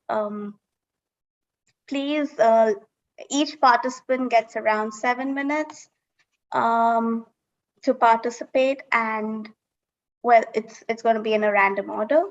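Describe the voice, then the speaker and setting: A woman's voice: fairly high pitch, highs cut off. A woman organizing an open mic, giving housekeeping notes hesitantly, with many fillers, before handing over to the emcee. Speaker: event organizer.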